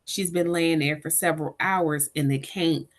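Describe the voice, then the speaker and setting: Telling a personal story about caregiving, this middle-aged interview guest brings it to life by voicing the people involved. Her voice sits low, and her pace is moderate.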